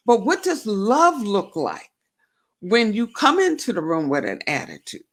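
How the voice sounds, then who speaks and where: A woman's voice: mid-range voice, huge pitch swings, unhurried. A woman hosting a faith-based talk show, reflecting aloud and asking herself questions. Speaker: show host.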